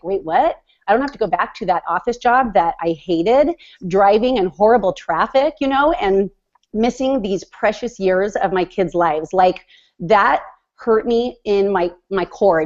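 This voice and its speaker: A gushing, excitable woman in her forties tells her coaching story on a group call. Her pitch is middling. The line sounds dull and lo-fi. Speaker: fitness business coach.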